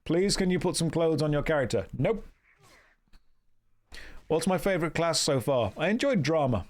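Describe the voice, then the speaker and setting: A man's voice: on the high side, expressive, normal speed, darkish tone. A young man from the American Midwest streaming a game, reading out chat and answering it in a dry, playful way. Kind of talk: casual live-stream commentary.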